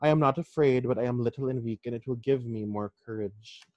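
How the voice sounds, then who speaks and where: A man reading the lines of a frail, gentle young seamstress facing execution, speaking softly and pleadingly. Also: mid-range voice, brisk, no room sound, lo-fi sound, pitched below the performer's own voice, lightly acted. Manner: soft, quiet, pleading.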